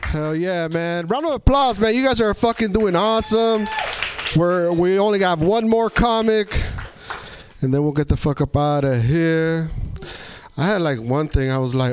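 A man's voice: high voice, normal speed, slight background noise. A man hosting a comedy club show, bantering with the crowd in a laid-back, profane way. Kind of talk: stand-up hosting.

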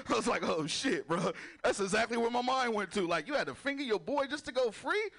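With a high-pitched, creaky voice, this man races through a crude comedy club routine, barely pausing. He cracks himself up as he spins his stories in an animated way.

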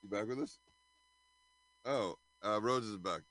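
Low-voiced man bantering on a podcast, dry mic. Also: a little slow, a bit bright, no echo. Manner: joking, teasing banter. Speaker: podcast co-host. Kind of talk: casual chat.

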